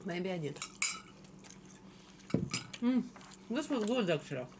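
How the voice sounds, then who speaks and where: A woman's voice: mid-range voice, very animated, slow, very noisy. A woman with a Russian accent, a native Russian speaker, chatting casually at home while eating and often searching for words. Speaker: channel host. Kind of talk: casual mukbang chat. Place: home dining table.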